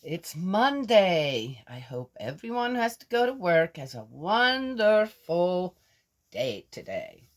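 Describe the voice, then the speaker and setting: A woman's voice: lowish voice, sing-song, slow. An older woman chatting casually to her viewers, rambling from one thought to the next and laughing often. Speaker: vlogger. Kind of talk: casual chat to camera.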